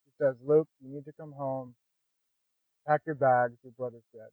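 A man's voice: mid-range voice, fairly even intonation, normal speed, no room sound. A man as a podcast guest, telling his own story in a candid, conversational way and often adding "man" and "you know". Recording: dry, phone-like narrow sound.

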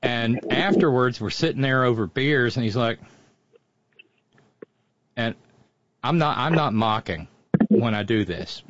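A man telling stories in casual chat as a radio host, animated and mimicking the way others talk. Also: medium pitch, measured pace, long pauses, no room sound, dull audio. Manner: animated, drawling storyteller who mimics accents.

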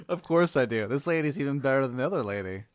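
A man's voice: medium pitch, animated, fast, no room sound. A man as a guest on a comedy podcast, bantering casually and firing off incredulous questions.

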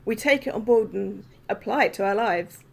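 A woman's voice: medium pitch, normal speed, gravelly. A woman hosting a podcast over a video call, chatting casually in a meandering way with lots of fillers. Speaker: podcast host. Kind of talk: casual interview chat.

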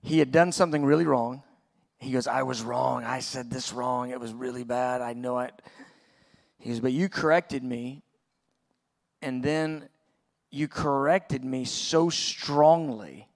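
Pastor guy preaching, gravelly voice, talks like he's telling a story, keeps restarting lines. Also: medium pitch. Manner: conversational storytelling, often halting and restarting. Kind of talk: sermon. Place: church auditorium.

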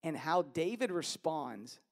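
A man in his thirties preaching a sermon, telling stories in an animated way that moves from hushed to loud. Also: on the high side, slow pace. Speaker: pastor.

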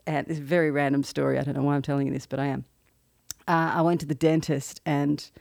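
A woman talks through a personal story in an earnest, reflective monologue. Her voice has a gravelly, fried texture, and it sits in a dry, close sound with no room around it. She often pauses and restarts as she gathers her thoughts. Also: deep voice, dark tone, no echo. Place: lives in the American South.

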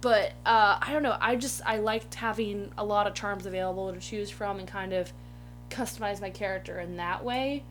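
A woman's voice: mid-range voice, moderate pace, soft background music. Chatty woman gaming podcast guest. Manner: chatty, self-correcting restarts. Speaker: player. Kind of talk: casual chat.

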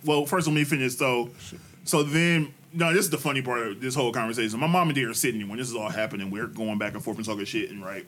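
A man's voice: fast talker, slight background noise. A man in casual chat, telling family stories with a lot of profanity and slang, restarting his sentences and laughing through the punchlines. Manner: animated, laughs through his own stories, loud high bursts at punchlines. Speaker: podcast co-host telling a family story.

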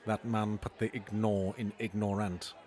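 A man voicing a stiff, haughty barbarian king in a comedy sketch, delivered deadpan. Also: fairly low pitch, unhurried, natural voice.

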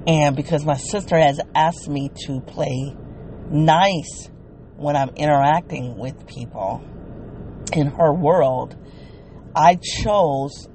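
A woman's voice: low voice, dark tone, slight background noise. A middle-aged woman and former teacher talking alone on her podcast, thinking aloud, laughing often and amused with herself. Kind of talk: casual solo monologue.

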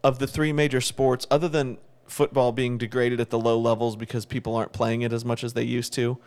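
A man's voice: medium pitch, little pitch movement, fairly quick, a little mellow. A man co-hosting a podcast in casual chat, giving opinions and restarting words as he thinks. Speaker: podcast co-host.

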